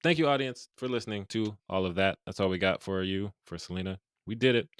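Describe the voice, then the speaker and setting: A man hosts a relaxed movie podcast at a brisk clip. His voice sits a little low, and he jokes and laughs with his co-hosts. The sound is dry and close. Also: clear, resonant tone, dry recording. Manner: fast, joking, laughs often. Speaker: podcast host. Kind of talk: casual chat.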